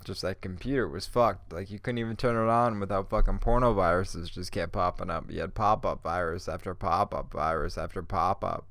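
Stoned, laid-back podcast guy, low voice. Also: brisk, few pauses, a bit bright, no room sound. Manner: laid-back, profane, rambling, laughs often. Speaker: podcast host. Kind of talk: casual stoned solo podcast rambling.

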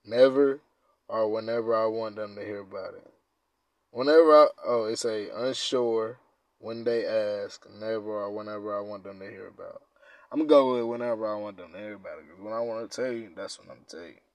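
Laid-back low-voiced man, dry close mic. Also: steady tone, quick pace, no room sound. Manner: laid-back, profane slang, swings from mumbling to loud outbursts. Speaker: podcast host. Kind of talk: casual chat reading quiz questions.

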